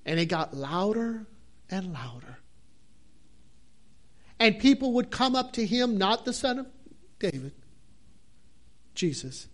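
A man's voice: very high-pitched, sing-song, a little slow, pauses often, fairly bright tone. A man preaching a sermon, fervent and drawn out, repeating his phrases for emphasis.

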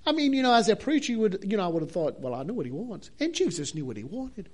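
A man's voice: high voice, sing-song, fast talker. A man preaching a sermon, fervent and drawn out, repeating his phrases for emphasis.

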